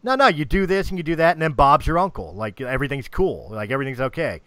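A man's voice: fairly high pitch, lively intonation, fast talker, a crowd in the background. Man, podcast host, casual chat, rambling, stumbles over words. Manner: rambling, with repeated restarts.

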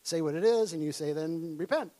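Animated high-voiced man telling a story. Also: fairly quick. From Minnesota. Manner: animated storytelling, acting out his past self in high excited tones; laughs often. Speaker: preacher. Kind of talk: sermon with personal story.

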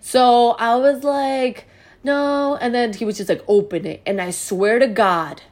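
A woman's voice: a little high, a little slow. Chatty young woman telling a story. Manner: chatty, animated, heavy use of "like". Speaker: vlogger. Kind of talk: storytime vlog.

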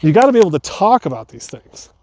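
A man's voice: high-pitched, sing-song, fast talker, darkish tone, a little hiss or hum. A man coaching in a loose, rambling way, full of asides and restarts, giving relationship advice. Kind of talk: casual advice talk.

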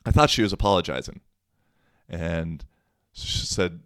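A man's voice: deep voice, fairly even intonation, moderate pace, fairly bright tone, clear, resonant tone, no echo, clean studio sound. A young man hosting a podcast, telling a story casually, with rambling fillers, restarts and a wry tone. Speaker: podcast host.

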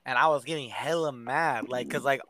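A man's voice: mid-range voice, normal speed, pushed and bright, a little hiss or hum. A young man co-hosting a podcast, telling slangy, boastful stories in casual chat. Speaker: podcast co-host.

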